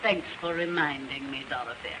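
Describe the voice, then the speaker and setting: A woman's voice: a bass voice, normal speed. An actress playing a snobbish, wealthy society mother in a 1930s film, haughty and dismissive. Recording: noisy old film soundtrack.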